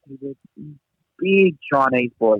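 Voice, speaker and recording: A man's voice: mid-range voice, lively intonation, slow pace, no room sound. A young man, a teacher, chatting and telling funny anecdotes in a rambling way and laughing at himself. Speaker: teacher, guest. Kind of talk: casual chat, anecdotes. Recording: slightly dull lo-fi sound.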